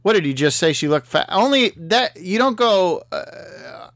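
Dry, halting man with a gravelly voice. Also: high-pitched, very animated, a bit bright, dry recording. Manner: dry, halting, many fillers and restarts. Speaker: vlogger answering a magazine quiz. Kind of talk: comedic rambling monologue.

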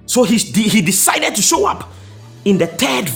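A man preaching a sermon with impassioned, sing-song delivery, often rising to a shout. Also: high-pitched, very animated, a little slow, gravelly, faint music behind.

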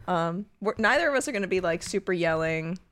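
Loud, animated woman podcast co-host. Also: on the low side, fairly quick, dry recording. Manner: loud, animated, laughs often. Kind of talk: casual chat.

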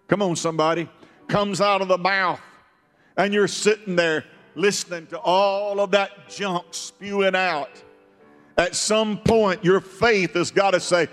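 A male preacher delivering a fervent sermon, repeating phrases and building to shouts. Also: high voice, big-room sound.

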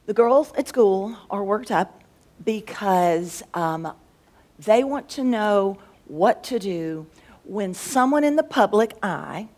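A woman's voice: medium pitch, lively intonation, slow, darkish tone. Rambling woman thinking aloud. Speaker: schoolteacher and co-host. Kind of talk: casual faith discussion.

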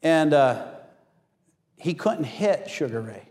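A man preaching a sermon as pastor, telling stories with animated acted-out quotes. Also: on the high side, takes it slowly. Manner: animated storytelling, acts out quotes. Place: church hall. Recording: long hall reverb.

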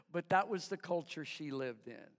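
Brief: male pastor, unhurried storytelling sermon, long hall reverb. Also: on the high side, lively intonation, a bit bright. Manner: storytelling, chuckling, halting restarts.

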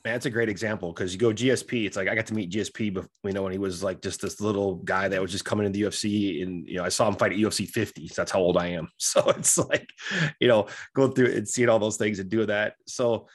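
Guy in his 40s on a podcast, talks quick, super animated, does little voices for people. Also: fairly low pitch. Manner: animated storyteller, acts out quoted voices. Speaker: podcast guest, entrepreneur and fighter. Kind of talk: casual podcast chat.

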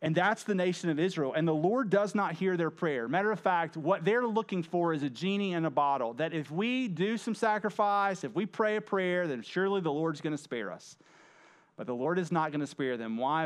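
A man's voice: fairly high pitch, animated, moderate pace. A man preaching a conversational sermon, often stumbling over and repeating words as he acts out the lines he reads. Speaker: pastor.

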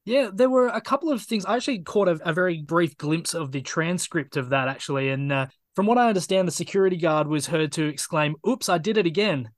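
A man's voice: fairly high pitch, expressive, fast talker, few pauses, dry recording. Dry-joking man, close dry sound. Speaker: podcast co-host. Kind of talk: casual chat.

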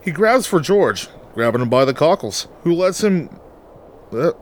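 A man's voice: on the high side, very animated, measured pace, a little hiss or hum. A man narrating a crude comedic script read-through, ad-libbing rude jokes, laughing and stumbling over words.

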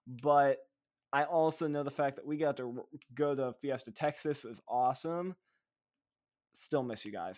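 In a casual podcast chat, a medium-pitched male co-host talks with eager excitement. He rambles, restarts his sentences midway, and fills gaps with "um" and "like".

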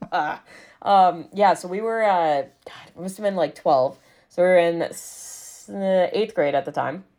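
A woman's voice: on the low side, measured pace, warm tone. A woman in her thirties from Alaska, a podcast guest telling stories in a casual, giggly way, full of fillers and laughs. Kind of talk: casual storytelling chat.

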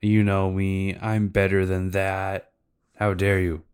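A man's voice: low voice, monotone, slow, clean tone. A man voicing a stern, indignant grown man in a cartoon recap.

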